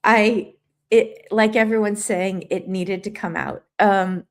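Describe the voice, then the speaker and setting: A woman's voice: mid-range voice, steady tone, slow. Tearful woman chatting on a livestream. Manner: tearful, earnest, reads viewer comments aloud. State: crying. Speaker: livestream host. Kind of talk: emotional livestream chat reading comments.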